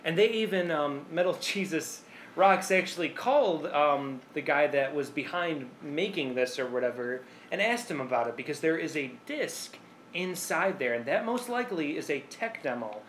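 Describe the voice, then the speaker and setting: A man's voice: fairly high pitch, lively intonation, moderate pace, fairly bright tone, a little hiss or hum. A man co-hosting a casual video game podcast, rambling with fillers and laughing often. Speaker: podcast co-host. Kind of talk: casual chat.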